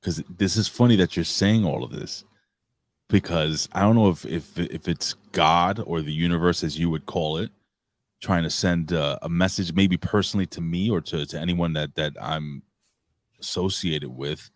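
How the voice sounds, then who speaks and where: A man's voice: low voice, normal speed, dry recording. A man, co-hosting a casual podcast and telling a rambling, profane story. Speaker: co-host.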